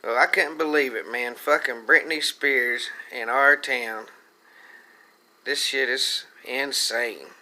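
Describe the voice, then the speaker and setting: A man's voice: mid-range voice, steady tone, slow pace, sharp tone. A man telling a rambling comic tall tale, profane and meandering, full of fillers.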